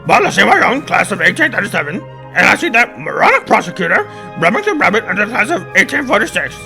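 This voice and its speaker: A man voicing a pompous, high-strung male rooster lawyer who speaks loudly and haughtily. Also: wildly swooping pitch, fast talker, gravelly, over music, heavily acted. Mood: haughty. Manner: loud, haughty, indignant.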